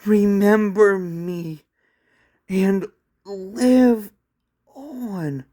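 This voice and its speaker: A man voicing a young woman in a manga read-along, in a raised, strained falsetto. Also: steady tone, slow, sharp tone, heavily acted. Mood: resolute. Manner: high-pitched, screaming in pain. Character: young woman, frightened then resolute.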